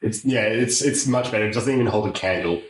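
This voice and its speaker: A man's voice: on the low side, a little fast, recorded from a distance, a little hiss or hum. A man getting tattooed who chats casually and laughs easily. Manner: laughs easily, retells clips with quoted voices. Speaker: tattoo client and guest. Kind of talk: casual chat. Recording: echoey room.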